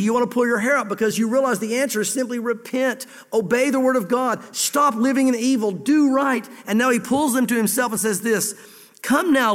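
A male pastor preaching a sermon, voicing God's words in first person, with sudden loud emphatic bursts that drop low again. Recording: long hall reverb.

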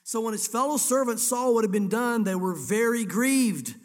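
Male pastor, very high voice, earnest sermon, long church reverb. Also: animated, normal speed. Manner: earnest, dramatizing scripture.

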